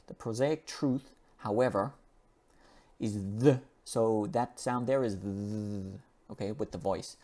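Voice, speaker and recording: A man teaching English pronunciation, reading an article aloud and slowly repeating the sounds in each word. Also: on the low side, dark tone. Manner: slow and repetitive, drawing out and repeating sounds.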